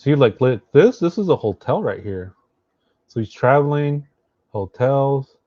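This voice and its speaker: A man doing casual live commentary as a streamer, thinking aloud and halting with fillers and restarts. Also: mid-range voice, very animated, mellow, dry recording, highs cut off. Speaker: streamer reacting to social media posts.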